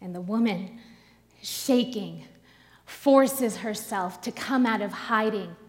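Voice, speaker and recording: A woman preacher delivering a sermon, telling a story slowly and dramatically with pauses. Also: medium pitch, in a large hall.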